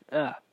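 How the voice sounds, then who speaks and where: A man's voice: very high voice, a bit bright, slightly rough, no echo. A man telling a rambling personal story in a casual, profane way that gets heated. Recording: dry, dull lo-fi recording.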